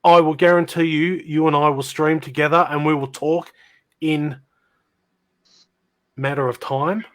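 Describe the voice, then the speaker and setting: A man's voice: fairly high pitch, fairly even intonation, unhurried, a bit bright. A man hosting a comedy live stream, teasing and mock-dramatic. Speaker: stream host.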